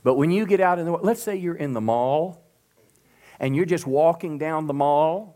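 A middle-aged man preaching to a church congregation, swinging from loud emphatic peaks to soft drops and calling out to the crowd for responses. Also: fairly high pitch, moderate pace. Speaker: pastor. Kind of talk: sermon. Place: church sanctuary.

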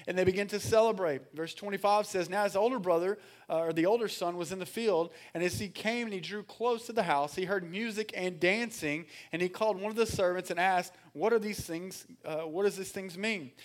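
A man preaching a sermon as pastor, energetic, calling on the congregation to answer and reading scripture aloud with frequent fillers. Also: high-pitched, fairly quick. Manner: energetic, calls for congregation responses.

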